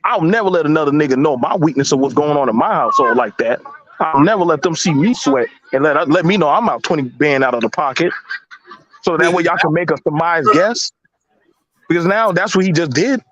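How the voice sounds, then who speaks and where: A man with a high, lively voice, arguing hard in a casual group debate. He is blunt and slangy and hammers his points by repeating words. The audio is dull and lo-fi. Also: brisk. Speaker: panelist.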